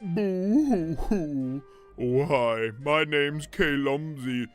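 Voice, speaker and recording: A man voicing a weepy gentle giant crocodile. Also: medium pitch, clean tone, voice pushed down, close to an everyday voice. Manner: soft, pleading, sniffly. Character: big gentle weepy male crocodile prisoner. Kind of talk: reading game dialogue aloud in voice.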